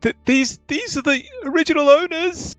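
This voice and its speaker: A man doing a jittery stammering young tenant, pitched way up. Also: moderate pace, a bit bright, dry recording, faint music behind. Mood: flustered. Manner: stammering, hesitant.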